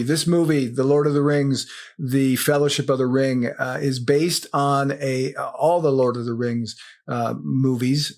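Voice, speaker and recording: A man with a Midwestern American accent and a mid-range voice. He co-hosts a podcast in a chatty, playful way, often turning to address listeners directly. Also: medium pitch. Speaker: podcast co-host. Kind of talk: conversational podcast interview.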